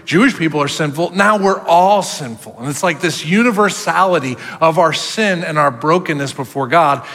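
A man preaching as a pastor, animated and acting out the voices he quotes. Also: on the high side, moderate pace, in a large hall. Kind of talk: sermon.

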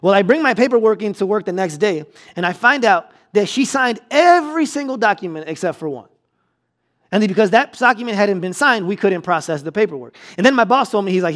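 A young adult man preaching a sermon, telling a personal story with animated delivery and repeating key lines for emphasis. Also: sits high, brisk. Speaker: pastor.

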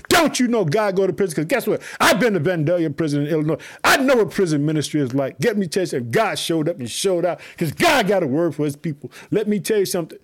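A man's voice: high voice, slightly rough. A man preaching a fervent sermon, repeating phrases and urging on his listeners. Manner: fervent, repetitive call-and-response preaching.

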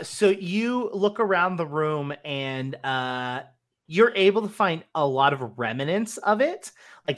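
Low-voiced woman running a tabletop game. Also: a bit bright. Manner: casual, many fillers and "like". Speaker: game master.

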